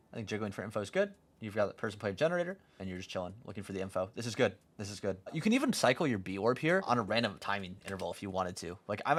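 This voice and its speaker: A man's voice: fairly low pitch, a bit bright. A young man giving blunt, profane, teasing critique as he coaches a player over a live stream. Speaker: game coach.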